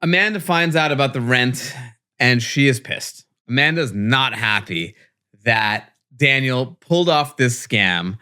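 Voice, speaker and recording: A man's voice: medium pitch, expressive, a little slow, sharp tone, clean tone. A man with a Long Island accent, co-hosting a podcast and telling a story in casual chat, acting out the voices of everyone he quotes. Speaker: podcast co-host.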